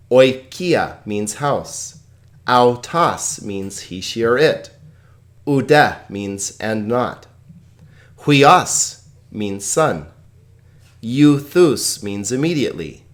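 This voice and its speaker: Man, teacher, lively and playful pitch, jokes between carefully spelled-out words. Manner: chatty, joking, laughs at own puns; slow, careful pronunciation of example words. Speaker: Greek teacher. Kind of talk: recorded video lesson.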